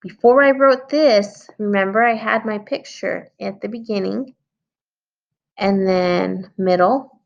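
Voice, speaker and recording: Gravelly woman teacher, slow and patient. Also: mid-range voice. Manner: patient, talks to young children, thinks aloud while editing. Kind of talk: early-grade writing lesson. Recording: slightly dull lo-fi sound.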